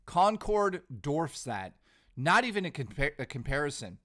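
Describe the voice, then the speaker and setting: Man, live streamer, casual chat, very lively swooping pitch, animated and ranting. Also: unhurried. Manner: animated, ranting, bursts of laughter. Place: home living room.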